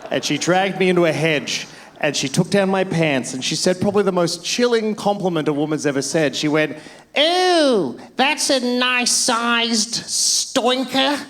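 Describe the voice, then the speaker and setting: Profane Australian stand-up comedian. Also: male voice, fairly high pitch, fairly quick. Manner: profane, storytelling. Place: comedy club stage.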